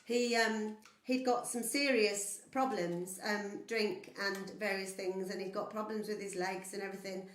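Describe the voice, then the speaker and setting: A woman's voice: mid-range voice, fairly even intonation, a little slow. Chatty woman in a roomy lounge. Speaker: folk musician hosting a live stream. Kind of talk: casual chat between songs. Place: home lounge. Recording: roomy room with instruments.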